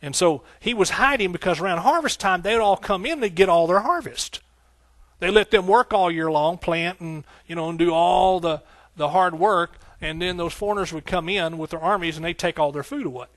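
A pastor preaching with fervor, his voice sitting a little higher than most men's. He builds rhythm through repeated phrases and breaks into hallelujahs, then drops into folksy asides to the congregation. The sound is dry and close, with little room echo. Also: normal speed, fairly bright tone. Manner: folksy, talking directly to the congregation. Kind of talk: sermon.

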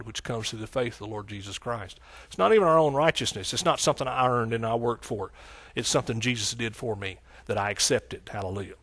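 In a mid-range voice marked by vocal fry, a middle-aged Texan man preaches, calling out hallelujah and veering between loud bursts and hushed side comments.

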